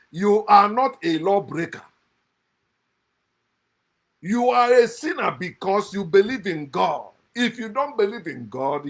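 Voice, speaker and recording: A man giving a passionate, mocking monologue on scripture, swinging from loud outbursts to low muttered asides. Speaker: online speaker critiquing scripture.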